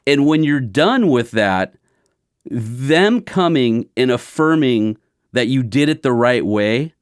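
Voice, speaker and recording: A man hosting a podcast, telling a story in an animated way and acting out the other person's lines. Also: medium pitch, slow pace, clear, resonant tone, no echo, clean studio sound. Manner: animated storyteller who acts out quotes. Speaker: podcast host. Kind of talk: casual conversation.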